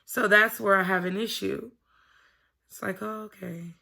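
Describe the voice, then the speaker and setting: A woman's voice: mid-range voice, steady tone, measured pace, gravelly, sharp tone. A woman vlogging to camera from home, talking in a candid, rambling way and swearing freely. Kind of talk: casual confessional chat to camera.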